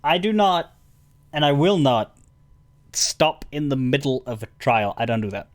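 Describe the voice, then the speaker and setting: A man's voice: medium pitch, animated, unhurried. A man streaming a game, chatting casually in a rambling way, stammering and chuckling as he talks to his chat.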